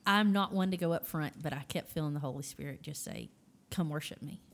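A woman sharing a personal faith testimony in a casual, animated storytelling way, acting out the voices she quotes. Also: sits low, fast talker, creaky.

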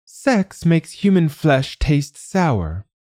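A man voicing a sly, hungry dragon with a smooth, almost castrato-like tenor voice, slow and demanding. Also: fairly high pitch, sing-song, warm tone, no room sound, studio quality, pitched above the performer's own voice, exaggerated voice.

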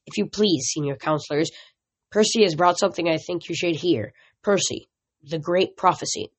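A reader doing a calm old centaur teacher. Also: medium pitch, moderate pace, natural voice. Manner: calm, formal. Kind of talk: amateur audiobook reading.

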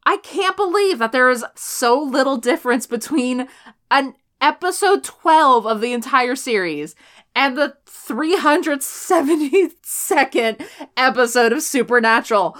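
A woman's voice: sits high, expressive, measured pace, fairly bright tone. A woman co-hosting a casual podcast, talking animatedly about a TV show, swearing often and laughing a lot.

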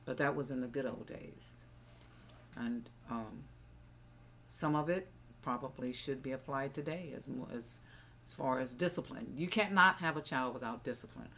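A woman's voice: rumbling low, normal speed, pushed and bright, slight background noise. An older woman, a mother guest on a family podcast, telling stories and reflecting on how she raised her children. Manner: reflective, storytelling, wandering. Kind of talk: casual family chat.

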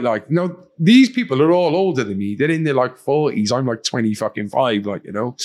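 A man speaking as a podcast guest, telling his own story bluntly with heavy swearing and acting out other people's lines. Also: mid-range voice. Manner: blunt and heavily profane, acts out quoted voices. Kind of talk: candid personal storytelling.

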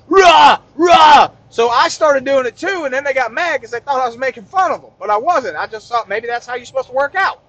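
A man delivering a rambling, profane comic rant with deadpan asides. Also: very high-pitched, no echo, highs cut off. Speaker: comedian.

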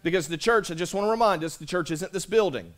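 A man's voice: high-pitched, fast talker, a bit bright. A man pastor preaching a sermon to his congregation in a casual, conversational way, repeating phrases and calling out to the crowd. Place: church sanctuary.

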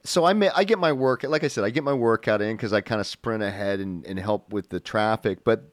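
Smooth-voiced enthusiastic male podcast host. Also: fairly low pitch, brisk. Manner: enthusiastic, repeats words as he talks. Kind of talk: casual interview chat.

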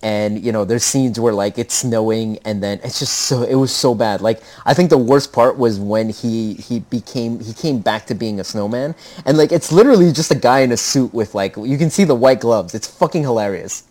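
A man's voice: medium pitch, moderate pace, few pauses, a little mellow. A man co-hosting a casual movie podcast, rambling with lots of fillers and swearing freely. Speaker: podcast co-host. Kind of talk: casual chat about movies.

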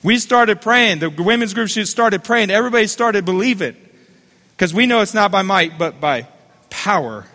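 A man's voice: high voice, lively intonation, moderate pace, sharp tone, big-room sound. A man preaching a sermon as the pastor of a church, calling on listeners to repeat phrases back to him. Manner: fervent preaching with call-and-response.

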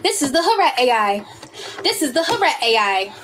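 A woman's voice: sits high, very animated, fairly quick, a bit bright, a little hiss or hum. A woman playing a sugary livestream NPC character who repeats words in a sing-song way.

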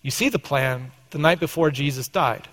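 A man's voice: fairly high pitch, normal speed, fairly bright tone, in a large hall. A man in his thirties preaching a sermon, telling a family story in a conversational, self-deprecating way before drawing the lesson. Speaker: pastor. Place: church sanctuary.

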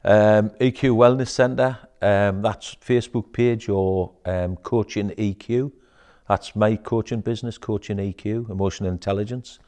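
A man talking as an interview guest in a wellness centre. He is animated and quick to swear, peppering his talk with "aye" and "mate.". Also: on the low side. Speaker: guest, emotional intelligence coach. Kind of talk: casual interview chat.

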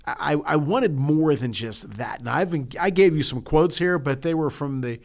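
A man's voice: a little high, lively intonation, moderate pace. Rambling middle-aged man telling a story. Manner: rambling, storytelling with many restarts. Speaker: podcast co-host. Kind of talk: casual chat.

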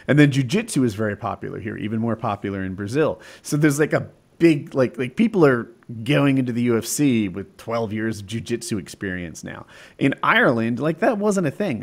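A man in casual chat, telling fight stories in an animated, excitable way. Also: medium pitch, creaky.

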